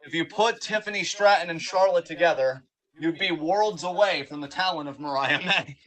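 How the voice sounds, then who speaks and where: A man co-hosting a live wrestling watch-along, giving animated play-by-play and hyping the wrestlers on a home streaming mic. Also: a little high, normal speed. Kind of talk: live reaction commentary.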